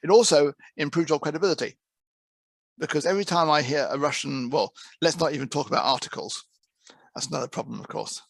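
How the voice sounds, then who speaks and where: A man's voice: fairly high pitch, a little fast, vocal fry, dry recording. A man heading an interpreting course, giving a conversational presentation to trainee interpreters and often repeating words as he restarts a thought. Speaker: interpreting course head and teacher.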